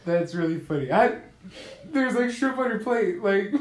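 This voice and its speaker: A man's voice: sits high, lively intonation, normal speed, roomy sound. A man co-hosting a podcast, telling stories in casual chat with frequent swearing and laughs. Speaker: podcast co-host. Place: Korea.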